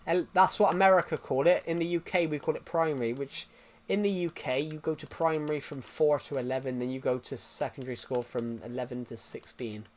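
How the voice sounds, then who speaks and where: A man's voice: a little high, a little fast. A young British man streaming live, chatting casually with viewers in a rambling way, full of restarts and fillers. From United Kingdom.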